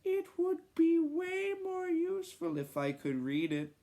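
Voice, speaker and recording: A reader voicing a polite, eager eight-year-old boy in a squeaky, drawn-out falsetto. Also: wildly swooping pitch, mellow, heavily acted. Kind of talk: reading a childhood story aloud.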